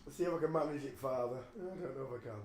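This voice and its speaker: A man's voice: mid-range voice, rapid-fire, darkish tone, slight background noise. An older man with a chesty cough, hosting a live stream from a room at home. He chats and preaches in a rambling, apologetic way and breaks off to cough.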